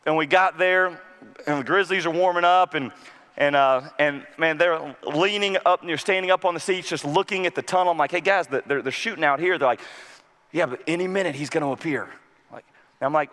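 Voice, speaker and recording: A pastor in his thirties giving a sermon, telling a story and then moving into a prayer that rises to loud proclamation and falls to a hushed close. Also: on the high side, normal speed. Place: large church hall. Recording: hall reverb from a large room.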